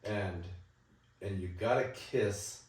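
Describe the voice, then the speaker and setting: A man's voice: fairly low pitch, takes it slowly, darkish tone, distant mic. A man hosting an interview, asking questions eagerly and chiming in over his guest with chuckles. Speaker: podcast host. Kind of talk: casual interview. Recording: very echoey room, off mic.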